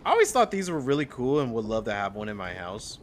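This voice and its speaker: Casual male streamer, animated pitch, talks to chat, steady background noise. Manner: chatty, reacting to chat, quick laughs. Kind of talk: casual gameplay commentary.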